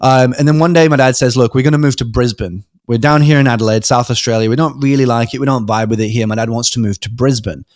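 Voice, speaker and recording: A young man who grew up in Britain tells a personal story as a podcast guest, at an ordinary mid-range pitch. He talks casually, stumbling and restarting, and slips into the voices of the people in his story. The recording is close and dry. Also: fast, few pauses, dry recording. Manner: animated storyteller, acts out quoted voices, frequent ums and restarts.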